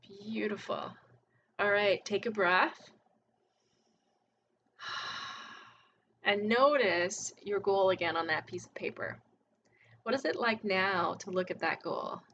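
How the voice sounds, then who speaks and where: A woman working as an energy healer, calmly and gently coaxing the listener through a guided healing meditation. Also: medium pitch, unhurried, dull audio, slight background noise. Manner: calm, gently coaxing, often says "all right" and "beautiful".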